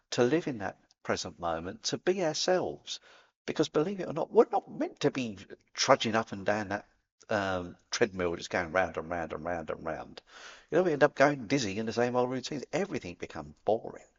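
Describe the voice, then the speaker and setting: A man's voice: mid-range voice, sing-song, moderate pace, dull audio. A man with a Cockney accent talking casually to camera as a spiritual vlogger, chatty and playful, dropping in sound effects. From England.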